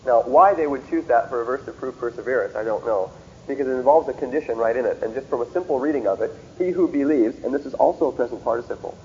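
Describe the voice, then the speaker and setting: A man's voice: medium pitch, quick pace, darkish tone, dull audio, a little hiss or hum. A man lecturing methodically on Bible verses, reading scripture aloud with emphasis and checking in with rhetorical questions. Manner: asks rhetorical checks like "See?" and "Okay?". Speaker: lecturer on theology.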